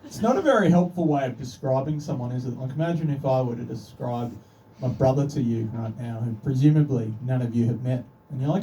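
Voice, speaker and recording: An Australian man with an Australian accent does a stand-up comedy set on a comedy club stage, dry and self-deprecating. His mellow, mid-range voice moves a little fast with hardly any pauses. The recording is distant, picking up the club's room noise.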